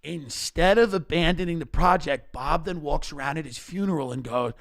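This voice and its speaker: A man holds court on a podcast, spinning comic stories with a bright, edgy voice that sits on the high side. He rants fast and slips into impressions of the people he describes, never letting the energy drop. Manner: animated, rapid-fire rants, acts out characters in quotes. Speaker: comedian podcast guest. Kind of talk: comedic storytelling in casual chat. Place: podcast studio.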